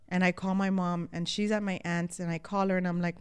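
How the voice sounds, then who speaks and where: A woman co-hosting a casual podcast chat, telling a story with animated acted-out quotes. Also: on the low side, a little fast, hardly any pauses, clean tone. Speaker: podcast co-host.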